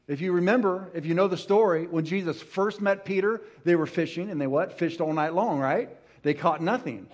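High-voiced man preaching a sermon. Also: moderate pace, hardly any pauses, dull audio. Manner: storytelling, emphatic, swings from hushed to loud; engages audience with call-and-response.

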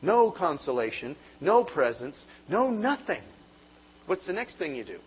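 A man preaches with a high, lively voice that swings up and down as he acts out comic inner voices. The recording is a little muffled, with a faint hum behind him. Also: unhurried. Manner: animated, comic storytelling with mock inner voices. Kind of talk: sermon.

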